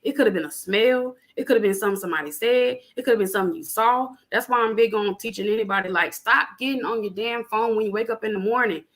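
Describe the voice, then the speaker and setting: A young adult woman in casual spiritual chat on a podcast, animated and preachy, talking plainly with lots of fillers. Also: fairly high pitch, quick pace, few pauses. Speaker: podcast guest.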